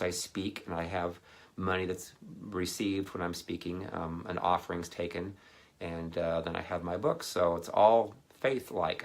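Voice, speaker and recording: Low, gravelly-voiced man telling a sermon story. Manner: rambling anecdotal delivery with animated quoted voices. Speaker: ministry speaker.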